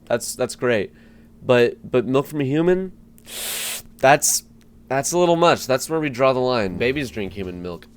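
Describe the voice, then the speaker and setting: A young man doing stand-up, deadpan with sudden loud outbursts and repeated word stumbles. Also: mid-range voice, measured pace. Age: young adult. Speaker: comedian and street interviewer. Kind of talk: stand-up comedy.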